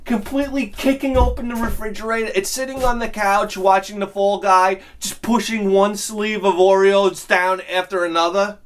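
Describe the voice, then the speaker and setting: A man hosting his own video, telling a profane, comedic ranting story that swings from low mutters to shouting. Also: fairly even intonation, normal speed, a little hiss or hum. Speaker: video host.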